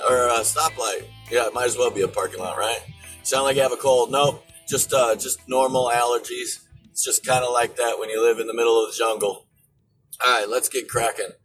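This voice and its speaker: A man hosting a political commentary show, ranting in an animated way and rising to shouts. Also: medium pitch, low-quality recording. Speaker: show host.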